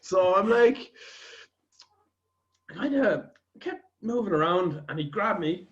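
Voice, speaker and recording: A man's voice: sits high, lively intonation, slow, lo-fi sound. A man with an Irish accent hosting a podcast, telling a rambling anecdote in casual chat and swearing freely. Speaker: podcast host.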